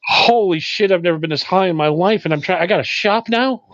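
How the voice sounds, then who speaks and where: A man's voice: high-pitched, brisk, fairly bright tone, dry recording. A man co-hosting a podcast in casual chat, laid-back and joking, swearing casually. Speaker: podcast co-host. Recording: dry, slightly dull recording.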